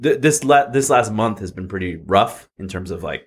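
A man in his thirties from Southern California, co-hosting a casual podcast chat. He rambles through his stories with restarts and quick laughs. His pitch swings freely up and down. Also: animated, slightly rough. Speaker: podcast co-host.

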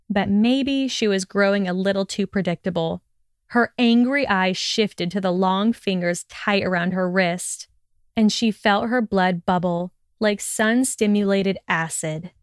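A woman reading fiction aloud in a steady, expressive narration. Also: mid-range voice, smooth, no echo, studio quality. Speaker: audiobook reader.

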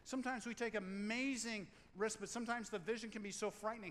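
Animated pastor preaching in a reverberant church. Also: male voice, high voice, fairly quick, a little hiss or hum. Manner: conversational, animated, acts out quotes. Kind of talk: sermon.

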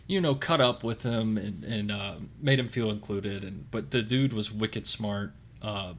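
A man's voice: lowish voice, a little slow, a bit bright. A young man on a podcast, chatting casually and telling a rambling story full of fillers and restarts. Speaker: podcast co-host.

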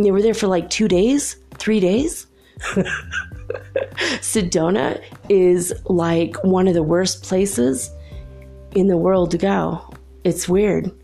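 Gravelly-voiced woman telling stories. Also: lowish voice. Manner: chatty, laughs often, animated retelling. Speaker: storyteller. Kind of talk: casual anecdote.

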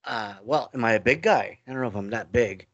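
A man's voice: mid-range voice, a little fast, dull audio, heavy background noise. A middle-aged man, a guest telling stories in a loose, rambling way, often restarting his sentences. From New York. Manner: rambling, restarts often, acts out quoted dialogue. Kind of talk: casual interview storytelling.

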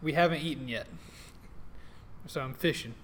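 A man playing a tabletop role-playing game, describing his character's actions in an animated way, laughing often. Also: a little high, normal speed. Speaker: player.

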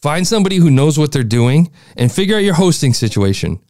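A man's voice: on the high side, sing-song, fairly quick, mellow, no room sound, studio quality. A man hosting a podcast, giving a blunt, exasperated critique of a listener's show. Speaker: podcast host reviewing listener shows.

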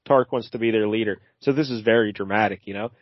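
Here a man hosting a podcast talks fast in a low-leaning voice, rambling through a jokey comic recap stuffed with "uh"s. There's no room sound, and the audio comes across flat and lo-fi.

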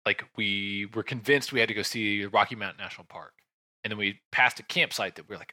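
Dry, sharp-voiced man telling a story. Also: lowish voice, fairly quick, no room sound. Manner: rambling, with restarts, asides and sighs. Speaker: podcast host telling a travel story. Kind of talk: casual storytelling. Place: home room with a shelf behind him.

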